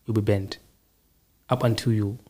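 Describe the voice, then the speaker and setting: Podcast host, male, husky tone, calm and reflective answers in repeated short lines. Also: lowish voice, moderate pace. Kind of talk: casual interview answers.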